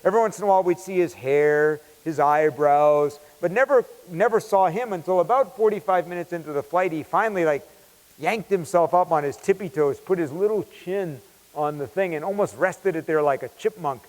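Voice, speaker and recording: Animated man telling a story in a hall. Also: a little high, brisk. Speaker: keynote speaker. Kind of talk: storytelling keynote talk. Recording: long hall reverb.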